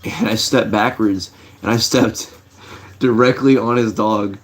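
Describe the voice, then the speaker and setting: A middle-aged man with a slightly low voice talks to his live chat in a loose, rambling way. He tells stories with plenty of fillers and restarts. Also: fairly even intonation, measured pace. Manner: laid-back, rambling, many fillers and restarts. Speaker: livestream host. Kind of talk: casual storytelling to a live chat.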